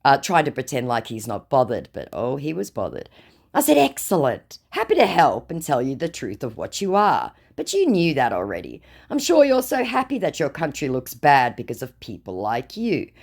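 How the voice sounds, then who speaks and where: A woman's voice: extremely low pitch, wildly swooping pitch, moderate pace, gravelly, darkish tone. A woman narrating a storytime vlog, reading out chat messages in a sarcastic, mocking way. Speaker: vlogger recounting scam chats.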